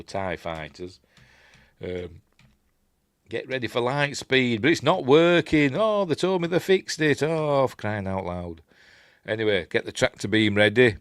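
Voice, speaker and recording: A man's voice: lowish voice, fairly bright tone, no echo. A man with a Yorkshire accent giving a casual, rambling film commentary, full of chuckling asides and playful character impressions. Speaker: film reviewer.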